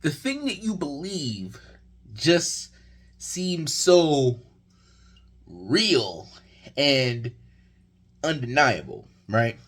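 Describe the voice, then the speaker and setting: A young man with a slightly husky voice rambles through a casual basketball recap. His pitch rises and falls widely as he tells the story, and he sounds exasperated throughout. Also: big pitch swings, very slow, long pauses, fairly bright tone. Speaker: sports vlogger.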